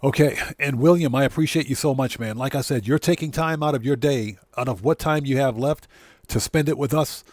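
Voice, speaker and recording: A man's voice: medium pitch, fairly quick, no room sound, clean studio sound. Laid-back man hosting a game stream. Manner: relaxed, rambling, greets chat viewers by name. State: choked up. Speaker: livestream host. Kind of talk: casual gaming livestream chat.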